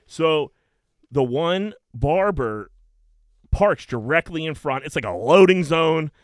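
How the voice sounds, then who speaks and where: A man in his thirties from Pittsburgh telling a long anecdote in casual podcast chat, swearing and animated. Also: fairly high pitch, slow, no room sound. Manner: animated anecdote teller, swearing, many fillers. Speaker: podcast co-host.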